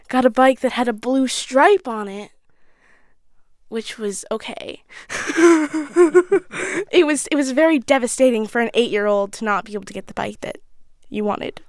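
A sixteen-year-old girl answering interview questions candidly, thoughtful and a little halting, with restarts. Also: on the high side, dry recording, studio quality. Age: teens. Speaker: interview guest.

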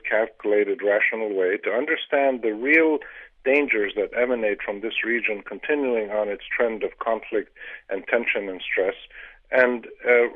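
A man, a newspaper editor, giving measured answers in a news radio phone interview, pausing often with fillers. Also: medium pitch. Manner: measured, pauses with many fillers. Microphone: telephone. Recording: tinny phone line.

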